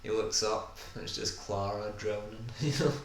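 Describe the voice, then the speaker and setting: A man's voice: fairly low pitch, normal speed. A man co-hosting a casual podcast, chatting enthusiastically while they watch an episode, with lots of "kinda". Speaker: podcast co-host. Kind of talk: casual chat over a viewing. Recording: echoey room with faint ambient noise.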